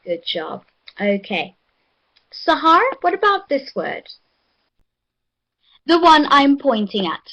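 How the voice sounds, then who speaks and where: A woman teaching an English pronunciation lesson, encouraging and repeating words slowly for the class. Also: high voice, very animated, sharp tone, dull audio.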